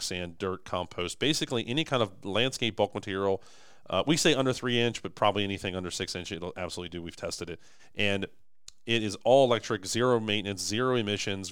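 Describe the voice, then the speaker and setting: A young man talks fast and emphatically on a podcast, his voice going a little hoarse. His low voice is clear and smooth. The recording is close and dry. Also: fairly bright tone, no echo. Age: young adult. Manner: enthusiastic, emphatic salesman. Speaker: podcast host, manufacturing company owner. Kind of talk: casual podcast chat.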